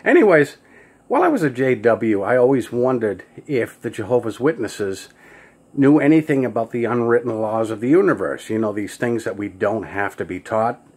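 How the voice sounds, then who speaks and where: A man with a New York accent telling jokes and stories in a casual monologue, jumping into high squeaky voices for the characters. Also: lively intonation, moderate pace, darkish tone, husky.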